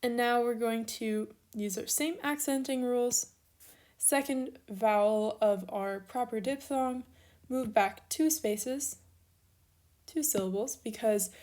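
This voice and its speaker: A woman's voice: fairly high pitch, darkish tone. A young woman giving a recorded grammar lesson, explaining each step patiently while she writes out examples. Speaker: teacher.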